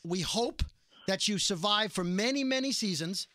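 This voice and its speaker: A man's voice: sits high, expressive, normal speed, bright, forceful tone, dry recording, clean studio sound. A man hosting a podcast, chatting with his guests like an enthusiastic fan. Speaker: podcast host. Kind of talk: casual interview chat.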